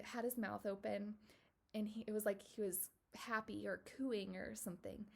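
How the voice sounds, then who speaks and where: Young adult woman vlogger, casual earnest storytelling, slightly high voice with vocal fry, breaks into soft whispers. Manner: earnest, emotional, many fillers and whispered asides. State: tearful at moments.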